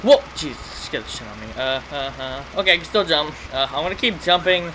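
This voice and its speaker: A man playing a horror game, reacting excitably with swearing, startled outbursts and laughs, from a dark bedroom. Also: medium pitch, fairly quick, hardly any pauses, a little hiss or hum, rough recording. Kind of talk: casual let's play commentary.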